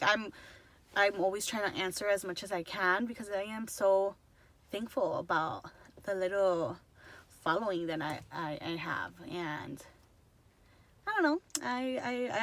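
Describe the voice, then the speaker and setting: A woman with a medium-pitched, slightly bright voice chats casually to camera for her followers. She rambles and gushes, says "like" constantly, and slips in the occasional Spanish word.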